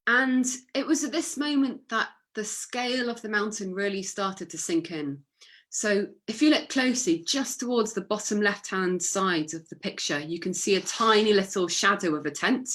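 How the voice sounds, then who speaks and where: A woman's voice: mid-range voice, moderate pace, a bit bright. A woman giving an illustrated talk with slides, chatty and upbeat, with fillers. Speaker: guest speaker.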